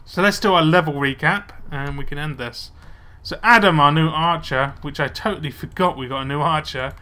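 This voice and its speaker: A man's voice: a little high, a little fast, bright, forceful tone. A young man casually commenting on his gameplay, muttering to himself as he plays. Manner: chatty, muttering to himself while playing. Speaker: let's play gamer.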